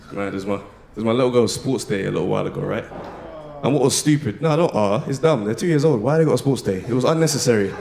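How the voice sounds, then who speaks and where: A young man doing a slangy, animated stand-up comedy set. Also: medium pitch, fast, vocal fry, noisy background. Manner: animated, slangy, swings into loud shouted bits. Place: live comedy venue with audience.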